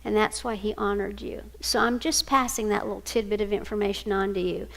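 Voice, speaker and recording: A woman's voice: medium pitch, steady tone, brisk, vocal fry, a bit bright. An older woman giving a storytelling talk to single parents, homey and anecdotal, acting out family dialogue. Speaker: speaker at a single-parent ministry event.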